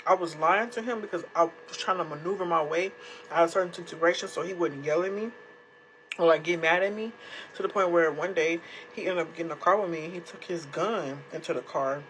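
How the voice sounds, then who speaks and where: A woman's voice: lowish voice, brisk, fairly bright tone, a little hiss or hum, low-quality recording. A young woman sharing a personal story casually to her followers, candid and blunt, swearing freely. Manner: candid, blunt, profane, emotionally raw. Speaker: storytime creator.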